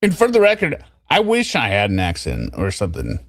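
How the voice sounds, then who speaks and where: Animated, jokey male stream host. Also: lowish voice, brisk, no room sound, studio quality. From US West Coast. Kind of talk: casual chat on a stream.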